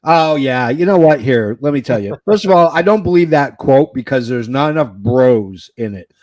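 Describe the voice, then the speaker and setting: An excitable man co-hosting a wrestling podcast, chatting casually and joking as he goes. His voice sits at a middle pitch and stays loose and rambling, full of fillers. It is recorded dry and close, with no room sound. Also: normal speed, no echo. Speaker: podcast co-host.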